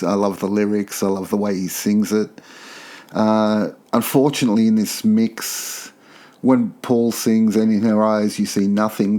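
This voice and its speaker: A man's voice: lowish voice, darkish tone. A man hosting a podcast, giving a casual track-by-track album review in an enthusiastic, opinionated way, often repeating himself for emphasis. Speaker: podcast host.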